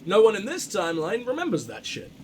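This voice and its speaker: A man giving casual gameplay commentary, reacting out loud and swearing freely as he thinks aloud. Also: high voice, huge pitch swings, fast, a little hiss or hum. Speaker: let's play commentator.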